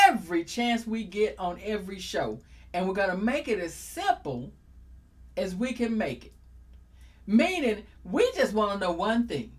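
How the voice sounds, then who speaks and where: A woman's voice: mid-range voice, fairly bright tone. A middle-aged woman hosting a casual talk show, exuberant and joking, speaking. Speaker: host.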